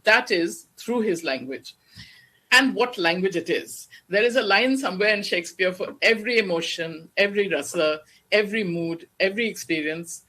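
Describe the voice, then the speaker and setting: A guest lecturer on Shakespeare addresses an audience at a steady mid pitch, with a bright, clear-edged tone. The academic delivery is measured and explanatory, slowing down whenever verse is recited.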